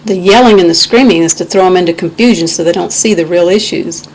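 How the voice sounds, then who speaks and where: Talking fast in a low, darkish voice, a video blogger from the United States vents indignantly into a webcam microphone and quotes scripture as she goes. The recording is rough, with a slight hiss or hum.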